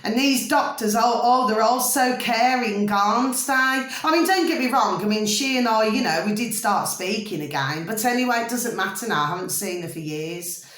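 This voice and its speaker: Speaking at a normal pace with few pauses, a woman with a fairly high, slightly bright voice vlogs from home. Her tone is casual and chatty, and she repeatedly confirms the listener is following. Echo fills the room.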